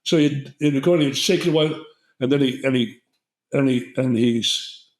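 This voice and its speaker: Speaking at a moderate pace and medium pitch, an older guest herbalist recounts a long story in conversation. He leans on fillers and keeps restarting, with roomy echo in the recording.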